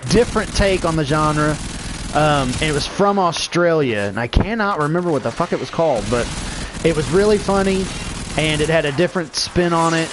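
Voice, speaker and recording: Against background noise, a middle-aged man with a fairly high voice talks at a normal pace as he plays a game. This gaming vlogger rambles in casual gameplay chat, cursing freely and laughing frequently.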